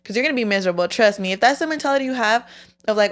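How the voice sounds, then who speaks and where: A young woman with a smooth, resonant voice, talking in a loose, candid podcast chat. She swears freely and tells her stories with lively, animated energy. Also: a little high, fast talker. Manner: frank, profane, animated storytelling. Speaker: podcast co-host.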